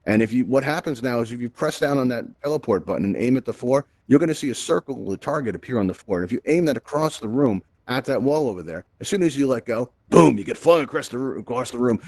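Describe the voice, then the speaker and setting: A man's voice: medium pitch, lively intonation, fast talker, darkish tone, no echo. A man hosting a live virtual reality event, walking the crowd through the controls in an upbeat, chatty way and often asking "right?". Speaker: VR event host. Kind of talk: live instructional walkthrough. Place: virtual reality social space.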